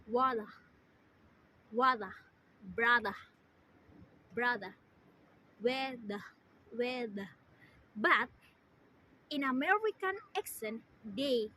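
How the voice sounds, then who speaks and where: Young woman doing a class speech, slow and halting, keeps restarting, high bright voice, faint room hum behind. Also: low-quality recording. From Indonesia. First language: Indonesian. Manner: halting, with frequent restarts and repeated words. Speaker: student giving a speech. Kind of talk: formal prepared speech.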